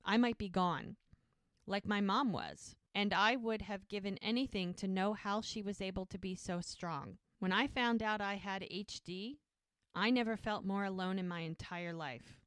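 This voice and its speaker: This is a woman co-hosting a rewatch podcast, talking through a TV episode and voicing the characters' dialogue as she goes. Her voice is smooth and clear at a middle pitch. The sound is close and dry, with no room echo. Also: moderate pace. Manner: retells scenes by acting out characters' lines, laughs often. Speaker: podcast co-host. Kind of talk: casual recap of a TV episode.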